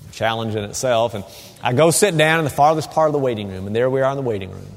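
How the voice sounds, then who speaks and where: Male pastor, sermon, animated storytelling, long church reverb. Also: medium pitch. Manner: animated storytelling, hushed soothing asides.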